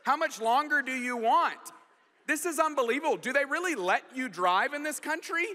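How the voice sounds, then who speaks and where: A man's voice: extremely high pitch, normal speed, sharp tone, in a large hall, voice pushed up. A man putting on a playful, exaggerated impression of a female British GPS voice. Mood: scornful. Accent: put-on British. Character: British female GPS voice, polite, then mocking.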